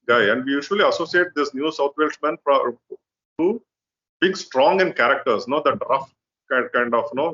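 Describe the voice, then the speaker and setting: Measured Indian man analyzing cricket. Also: medium pitch, a bit bright, highs cut off. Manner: measured, explanatory, hesitant fillers. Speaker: co-host, cricket journalist.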